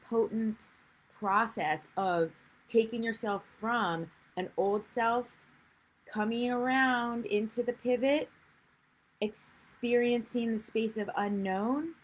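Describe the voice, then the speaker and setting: A woman's voice: mid-range voice, rough recording. A woman life coach giving a chatty, rambling livestream talk and greeting viewers as she goes. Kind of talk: live-streamed coaching talk.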